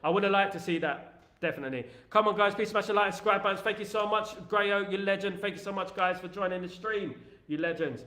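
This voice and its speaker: Rambling London fan-stream host, slightly high voice, echoey room. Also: male voice, fast, sharp tone. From England. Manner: chatty, rambling, reads out viewer comments. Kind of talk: casual livestream chat.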